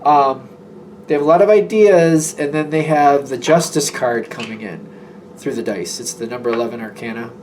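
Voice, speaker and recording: A man's voice: mid-range voice, moderate pace, a little mellow, a little hiss or hum. A man giving a casual, rambling tarot reading who acts out imagined conversations as he goes. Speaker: tarot reader.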